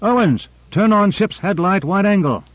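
A man voicing a brisk guide who gives quick orders to his team underwater. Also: on the high side, expressive, dry recording, highs cut off, pitched above the performer's own voice. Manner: brisk, commanding.

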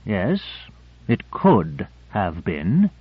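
A man's voice: medium pitch, sing-song, measured pace, no room sound. A man doing a sly, probing sardonic man. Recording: dry narrow phone-like audio.

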